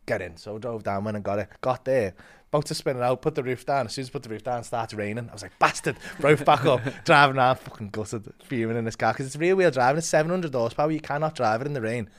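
A young man telling a comic story as a podcast guest, swearing, laughing and acting out the other voices. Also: mid-range voice.

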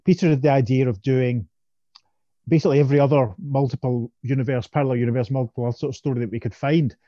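A man's voice: mid-range voice, fairly even intonation, fast, mellow, no room sound, highs cut off. A man co-hosting a podcast, chatting casually with frequent laughs and restarts. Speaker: podcast co-host. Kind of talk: casual chat.

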